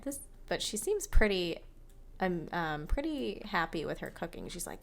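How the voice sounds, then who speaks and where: A woman's voice: fairly low pitch, very animated, moderate pace, creaky. A young woman giving casual, chatty commentary on a life-sim game, narrating each move and laughing often. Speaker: gaming channel host.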